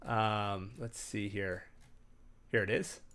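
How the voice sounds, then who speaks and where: A man's voice: lowish voice, slow. A man hosting a casual chat about tabletop gaming, talking on a computer mic during a screen share, rambling with lots of fillers and restarts and telling stories with animation. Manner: animated storyteller. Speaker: host sharing game-master tips.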